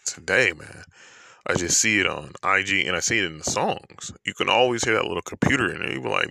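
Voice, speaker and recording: Vlogger, male, very low gravelly voice, bright edge, loose slangy rant with fillers. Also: fairly quick, no room sound. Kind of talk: casual opinion monologue.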